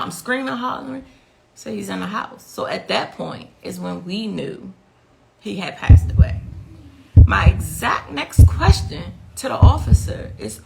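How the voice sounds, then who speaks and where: Grieving mother giving interview testimony; gravelly, frantic retelling. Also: mid-range voice, animated, measured pace, background noise. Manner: recounts events with rising, frantic intensity.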